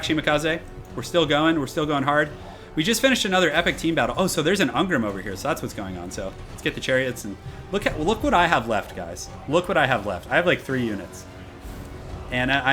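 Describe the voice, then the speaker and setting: Male live-stream gamer, casual chatty commentary, mid-pitched, repeats himself, faint music under. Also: a bit bright. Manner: chatty, repeats phrases, answers chat. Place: room at home.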